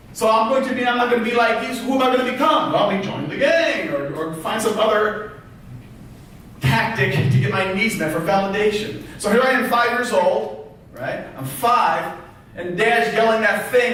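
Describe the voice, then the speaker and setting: A man giving a motivational talk as a therapist, animated, firing rhetorical questions at the audience. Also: high-pitched, normal speed. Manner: animated, acts out quoted voices, fires rhetorical questions. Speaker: therapist and public speaker. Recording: echoey hall, voice from far off.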